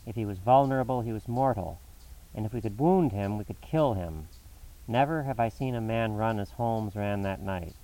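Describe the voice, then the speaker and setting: A man with a low voice narrates a classic story in a measured, dramatic way. He sits a bit back from the microphone, so the sound sounds slightly distant. The delivery is steady and suspenseful. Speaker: audiobook narrator. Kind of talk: scripted narration of a classic novel.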